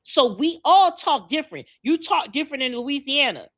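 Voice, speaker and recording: Podcast co-host, woman with a Miami accent, high and bright, blunt and profane. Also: expressive, moderate pace. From Miami, Florida. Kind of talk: casual podcast rant.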